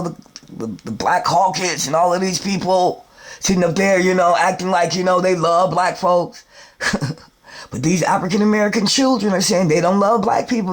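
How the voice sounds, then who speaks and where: A man hosting his own video show, ranting in a rambling, emphatic, profane monologue that swings between loud outbursts and subdued asides. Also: high voice. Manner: repeats words and restarts often. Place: New York.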